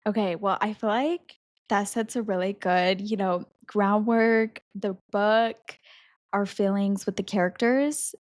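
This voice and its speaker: A woman hosting a podcast, leading a casual book discussion in an animated, chatty way with many filler words. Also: mid-range voice, a little slow, no room sound, clean studio sound. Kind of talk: casual chat.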